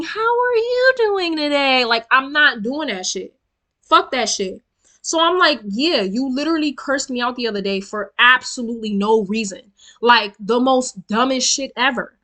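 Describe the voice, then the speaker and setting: A woman's voice: sits high, pushed and bright. A young woman telling a storytime rant to her viewers, blunt and profane, calling them y'all and getting more worked up as she goes. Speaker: storytime vlogger.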